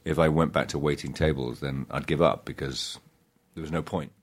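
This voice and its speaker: A middle-aged man, an actor telling stories in an interview, halting and self-deprecating with many restarts. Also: a bass voice, fairly even intonation. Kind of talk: casual interview storytelling.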